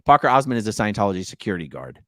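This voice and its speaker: A middle-aged man co-hosting a casual live stream, chatty and animated, reading viewer comments aloud. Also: lowish voice, racing, dry recording, clean studio sound.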